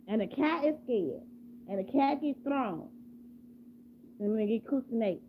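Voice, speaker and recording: High-voiced woman rambling through a made-up story. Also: lively intonation, measured pace, pauses often. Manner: rambling, repetitive, asks listeners questions. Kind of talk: improvised casual storytelling. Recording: tinny phone-like, faint hum.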